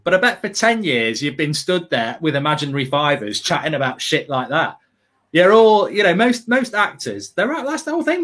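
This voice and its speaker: A man's voice: fairly high pitch, a bit bright. A man, a football pundit, chatting casually with a rambling, self-mocking manner and lots of fillers. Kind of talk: casual storytelling chat.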